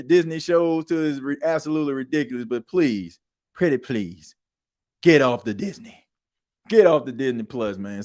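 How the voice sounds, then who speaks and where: A man's voice: a little high, a little mellow. A man hosting a sports podcast, ranting emphatically in casual slang. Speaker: podcast host. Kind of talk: animated sports talk monologue.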